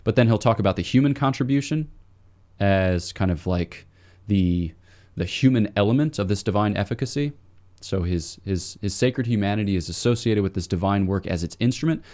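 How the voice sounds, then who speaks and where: A priest speaking as a podcast guest in a very low, mellow voice. He explains theology step by step in a measured, scholarly manner with the odd "um".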